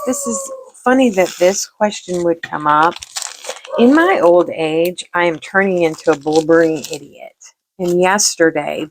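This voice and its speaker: A woman's voice: lowish voice, slight background noise. A middle-aged woman hosting a vlog, chatting casually while she crafts, rambling and self-deprecating and often repeating herself. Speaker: vlog host.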